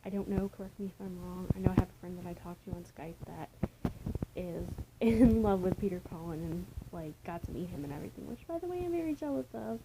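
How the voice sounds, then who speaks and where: A woman's voice: lowish voice, animated, fast talker, noisy background. A young woman vlogging casually from home in a rambling, chatty way, sometimes dropping to a near-whisper. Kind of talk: casual chat. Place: home, indoors. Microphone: camera mic.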